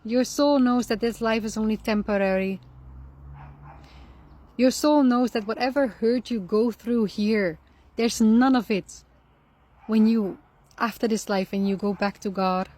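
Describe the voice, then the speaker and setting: A woman with a fairly high voice, an Islamic lifestyle speaker, offers reflective spiritual advice to her listeners. Her calm, earnest delivery is measured, with long pauses, and she often repeats a key phrase to drive the point home.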